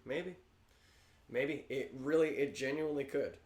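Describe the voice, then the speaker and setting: Male livestream co-host, mid-pitched, loose and rambling, echoey room. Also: unhurried. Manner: rambling, chatty, restarts sentences. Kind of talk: casual livestream chat.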